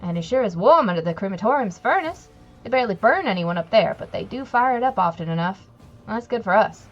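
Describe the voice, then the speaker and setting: A woman's voice: mid-range voice, expressive, brisk, muffled recording, faint music behind, close to an everyday voice. A woman voicing a humble, folksy tunnel-dweller who rambles on deferentially, calling the listener "your ladiness.". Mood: folksy chatty.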